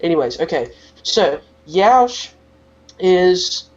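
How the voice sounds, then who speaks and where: A man's voice: high voice, big pitch swings, takes it slowly. Rambling teenage guy, lo-fi mic. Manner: rambling, many "like" fillers. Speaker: podcast co-host. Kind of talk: casual podcast chat.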